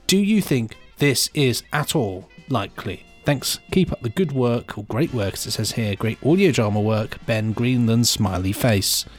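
An enthusiastic man chatting away as a podcast co-host. His voice sits at a middle pitch, with soft music faint behind him. He talks casually and laughs easily. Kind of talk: casual chat.

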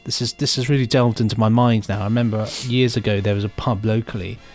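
A man's voice: fairly low pitch, steady tone, fast talker, darkish tone, faint music behind. A man co-hosting a podcast, chatting casually and enthusiastically and laughing easily. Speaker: podcast co-host. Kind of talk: casual chat.

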